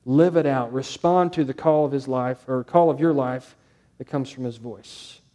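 A man's voice: medium pitch, moderate pace, warm tone. A male pastor preaching a sermon, stressing points through repetition and rhetorical questions.

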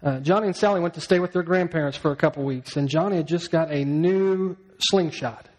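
A man's voice: a little high, brisk, a little mellow, poor audio. A male pastor preaching a sermon, telling a story and asking the congregation questions.

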